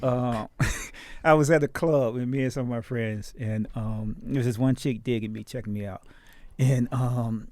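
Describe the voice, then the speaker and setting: A man's voice: mid-range voice, dark tone. A man from Chicago, a comedian guest on a podcast, telling stories in a casual, profane, slangy way. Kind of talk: casual storytelling.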